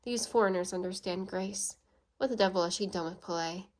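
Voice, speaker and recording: Give me a woman doing a blunt, proud English gentleman for an audiobook, scolding and sarcastic. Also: medium pitch, fairly quick, close to an everyday voice.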